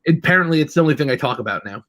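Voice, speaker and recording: Man, New York accent, casual host, rambling storyteller, slightly high voice, dry close sound. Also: expressive, very fast, a bit bright, no echo, low-quality recording. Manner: rambling, chatty storyteller with many restarts. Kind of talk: casual chat.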